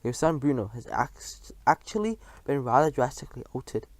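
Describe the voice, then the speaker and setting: A man reading a storybook aloud, voicing a calm, determined old grandmother who speaks firmly and properly. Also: medium pitch, normal speed, no echo.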